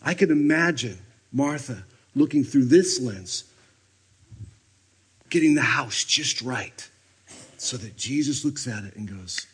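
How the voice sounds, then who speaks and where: A husky-voiced man preaching at a retreat. His delivery is animated and swings from loud, energetic bursts down to hushed near-whispers. His pitch sits in a middle range. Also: slow, pauses often. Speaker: retreat speaker. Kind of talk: sermon. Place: retreat meeting room.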